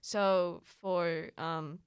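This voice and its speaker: Young woman from the Philippines, Filipino native speaker, lowish pitch, dry close sound, casual chatty talk. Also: steady tone, clean tone, dry recording. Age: young adult. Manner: chatty, quick asides and playful voices. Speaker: guest. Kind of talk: casual chat.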